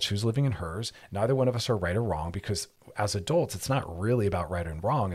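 Husky-voiced male radio advice host. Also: deep voice. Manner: reflective, explains through personal stories. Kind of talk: conversational relationship advice.

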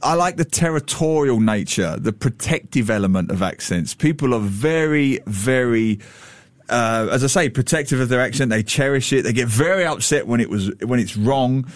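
A man's voice: mid-range voice, lively intonation, moderate pace, no room sound. A man who writes humorous books, a guest in a radio studio, speaking in a wry, self-deprecating way. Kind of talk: casual studio chat.

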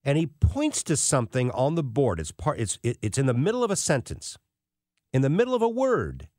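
A man's voice: medium pitch, huge pitch swings, brisk, a little mellow, no echo, studio quality. A man in his sixties telling self-deprecating anecdotes in a casual monologue as a financial commentator. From United States.

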